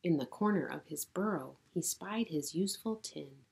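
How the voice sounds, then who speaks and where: A middle-aged woman pastor reading a children's story aloud in a gentle storytelling manner. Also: fairly low pitch, lively intonation, gravelly. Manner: gentle, slow, warm storytelling.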